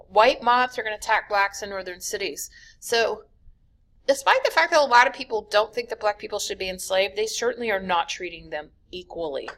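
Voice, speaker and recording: A woman teacher giving a recorded history lecture over slides, talking casually with many fillers and quick self-corrections. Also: medium pitch, fairly bright tone. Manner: casual, many "um"s, corrects her own slips. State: yawning, sleepy.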